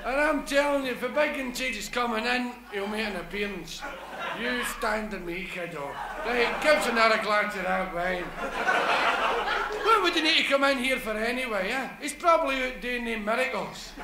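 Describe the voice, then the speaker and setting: A man's voice: very high voice, moderate pace, background noise. A man voicing a big, worldly male apostle with a Glaswegian accent, who talks down to others in knowing pub talk. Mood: knowing, boozy. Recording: echoey live room, loud crowd laughter.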